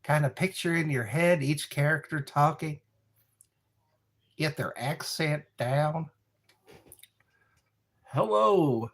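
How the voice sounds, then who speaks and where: A man hosting a rambling live stream, chatting slowly with viewers from a dark room lit by a candle. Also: medium pitch, slightly rough. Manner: slow, meandering, talks to viewers. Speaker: livestream host.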